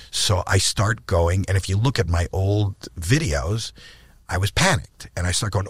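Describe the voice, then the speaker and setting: An older man from Canada tells stories as a podcast guest, with a lowish voice that jumps higher when he acts out what people said. He repeats and restarts words as he goes, and the sound is close and dry. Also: normal speed, husky, dry recording. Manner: animated, acts out quoted lines with rising pitch. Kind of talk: anecdotal storytelling in conversation.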